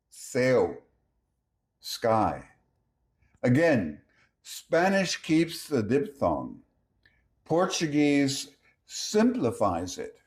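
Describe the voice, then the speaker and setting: A man teaching a language lesson, reading example words slowly one at a time in a measured way. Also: medium pitch, a little mellow. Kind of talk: slow scripted language lesson.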